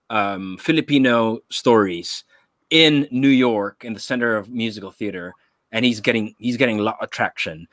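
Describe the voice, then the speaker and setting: A man's voice: medium pitch, a bit bright, no echo. A man hosting a casual podcast conversation over a video call, enthusiastic and encouraging. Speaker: podcast host.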